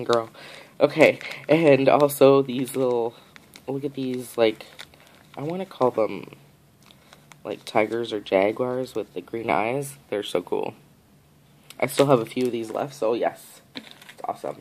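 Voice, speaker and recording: A woman's voice: rumbling low, a little mellow, a little hiss or hum, poor audio. A woman vlogger chatting casually through a haul on camera, gushing over each item and repeating her praise. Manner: talks straight to the camera and the sender. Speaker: nail art vlogger. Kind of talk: casual haul unboxing chat.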